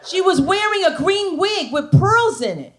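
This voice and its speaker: New jersey lady doing standup, high lively voice, loud and brash, bit of club noise. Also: normal speed. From New Jersey, USA. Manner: brash, animated storytelling with put-on voices. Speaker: stand-up comedian. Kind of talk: stand-up comedy. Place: comedy club stage.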